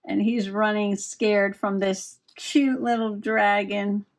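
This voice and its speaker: Woman, casual crafting chat, unhurried, laughs often. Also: mid-range voice, flat delivery. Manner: chatty, giggly, talks while working. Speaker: crafting vlogger.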